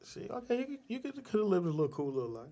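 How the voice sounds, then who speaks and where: A man's voice: high voice, sing-song, rapid-fire. A man who is a father, chatting casually on a podcast and telling loose, joking stories. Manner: loose, joking storyteller with bursts of loud voices.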